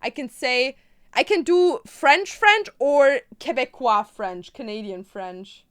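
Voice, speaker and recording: A woman's voice: high-pitched, animated, slow pace, fairly bright tone, clean tone. A young woman whose first language is German, chatting casually and playfully while crafting on a stream.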